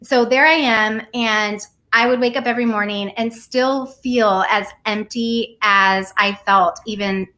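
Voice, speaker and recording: A woman in her forties tells her story earnestly and with animation. Her voice sits a bit high and rings bright and forceful. She talks in an easy conversational way. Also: steady tone, measured pace, hardly any pauses. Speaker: guest. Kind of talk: casual conversation.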